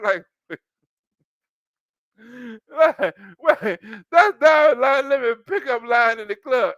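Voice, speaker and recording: Man, very high voice, bright, dry close sound, mocking reaction commentary, frequent laughter, slang. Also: sing-song, a little slow, no room sound, highs cut off.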